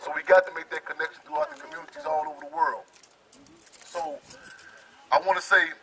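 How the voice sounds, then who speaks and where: A man's voice: fairly high pitch, steady tone, a little fast, bright, forceful tone, poor audio. A man giving an impassioned rally speech into a handheld microphone at an outdoor protest, often restarting his sentences. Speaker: activist speaker.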